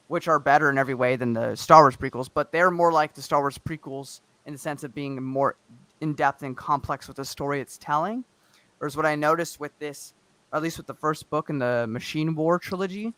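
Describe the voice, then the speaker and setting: A man chatting casually about books and films, arguing his point quickly with many restarts. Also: on the high side, pushed and bright, dry recording. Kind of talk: casual chat.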